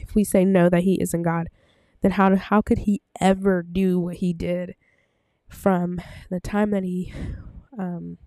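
Her voice sits on the low side and sounds mellow as she, a Bible teacher, chats casually about scripture. The talk rambles with frequent fillers and self-corrections, and she's a touch out of breath. A desk microphone captures it with no room sound.

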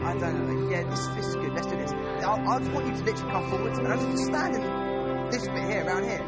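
A young English man preaching a sermon at a church service, excitable and rambling, restarting his sentences. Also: sits high, fairly quick, over loud music. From England.

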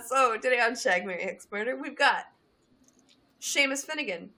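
Bright-voiced giggly woman podcast host. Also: on the high side, expressive, normal speed. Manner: giggly, crude teasing banter. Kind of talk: casual podcast chat.

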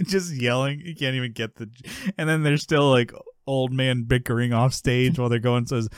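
A man's voice: medium pitch, steady tone, moderate pace, clean tone, dry recording, clean studio sound. Laughing man recapping a sitcom. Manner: laughs often, acts out lines in a raised voice. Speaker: podcast co-host. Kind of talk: casual chat recapping a sitcom episode.

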